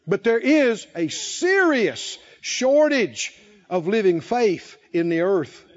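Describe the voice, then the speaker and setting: A man's voice: sits high, big pitch swings, slow, highs cut off. A man preaching a sermon, telling stories dramatically and acting out the voices of the people in them. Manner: dramatic storytelling, acting out voices, shouting peaks.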